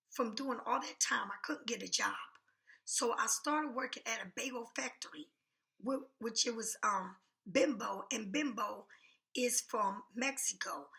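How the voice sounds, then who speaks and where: Female vlogger, high bright voice, blunt angry storytelling rant full of swearing. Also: vocal fry.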